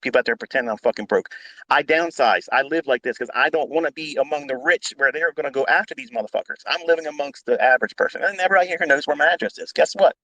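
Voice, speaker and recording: A man's voice: on the high side, quick pace, gravelly, bright, forceful tone, no echo. A man who mentors traders, talking in a live audio room in a blunt, combative way, swearing often and repeating himself for emphasis. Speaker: trading mentor.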